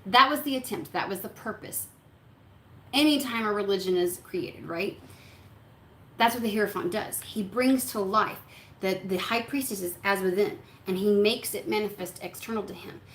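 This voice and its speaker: Woman tarot reader, blunt and chatty, curses often, mid-pitched, roomy recording. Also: moderate pace. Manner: blunt, chatty, swears freely, acts out listeners' thoughts. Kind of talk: casual tarot reading to camera. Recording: echoey room with faint background hum.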